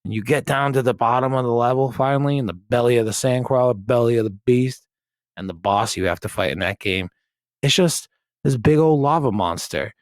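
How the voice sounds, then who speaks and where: A man's voice: mid-range voice, a little fast, clear, resonant tone, dry recording, clean studio sound. A young adult man co-hosting a podcast in casual chat, laid-back and joking, with frequent swearing. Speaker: podcast co-host.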